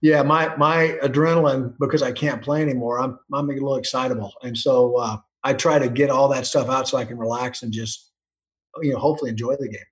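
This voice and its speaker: A football coach's mid-range voice stays steady and brisk as he tells long, casual stories with frequent restarts and small laughs. It's a storytelling interview in an echoey room with poor audio.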